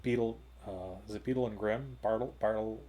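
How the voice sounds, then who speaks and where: A man's voice: on the low side, fairly quick. Rambling man telling a story at home. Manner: rambling, animated, with many fillers and restarts. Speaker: co-host of a gaming talk show. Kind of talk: casual anecdote telling. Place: home hobby room.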